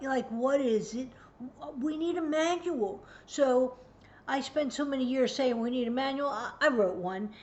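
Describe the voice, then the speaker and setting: A woman's voice: on the high side, darkish tone. A woman in her sixties giving a direct-to-camera parenting lesson, earnest and emphatic, sometimes acting out parent and child voices. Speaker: parenting educator. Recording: dull lo-fi sound, faint background hum.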